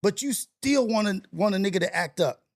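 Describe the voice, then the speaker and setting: Lively 40s guy with a gravelly high voice, aae, chatting on his stream, big reactions. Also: a little fast. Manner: animated, swearing, laughing, exaggerated reactions. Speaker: livestream host. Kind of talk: casual livestream chat.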